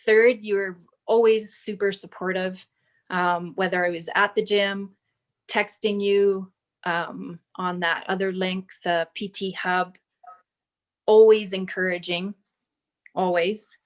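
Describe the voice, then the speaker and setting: A woman in her thirties, a fitness client, talking slowly and thoughtfully in a casual chat and at times reading from her notes. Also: mid-range voice, steady tone. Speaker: client giving a testimonial. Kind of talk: casual video call chat.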